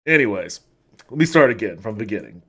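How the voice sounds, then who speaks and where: Lively, giggly male podcast host. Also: fairly low pitch, fast talker, slightly rough. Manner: laughs often, breaks into giggles mid-sentence. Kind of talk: casual podcast chat and mock-formal reading.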